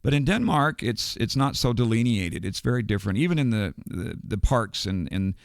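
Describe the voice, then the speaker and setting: A man's voice: on the low side, animated, moderate pace, gravelly, no room sound, clean studio sound. An older man from the United States, a podcast guest telling a long story in a rambling, digressive way and chuckling between details. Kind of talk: casual storytelling.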